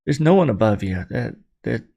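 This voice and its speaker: A man's voice: mid-range voice, sing-song, moderate pace, vocal fry, dark tone. A man doing a flustered hotel clerk. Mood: reassuring.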